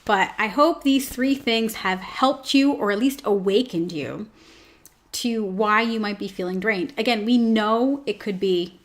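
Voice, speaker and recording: A woman's voice: medium pitch, moderate pace, a bit bright. A woman hosting her own show, chatting casually with lots of fillers and joking asides. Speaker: host. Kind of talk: casual chat.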